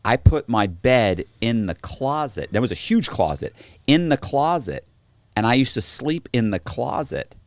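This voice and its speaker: A man's voice: mid-range voice, measured pace, no echo. A man telling stories in a casual podcast chat, acting out the other people's lines as he quotes them. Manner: animated, acts out quoted dialogue. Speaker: podcast guest, former prisoner. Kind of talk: casual storytelling.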